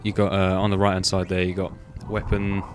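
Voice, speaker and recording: Faint music plays behind a young man hosting a gaming video, whose low voice is completely flat and fairly quick. His commentary on the gameplay is casual and rambling, with offhand swearing and fillers like "um" and "like."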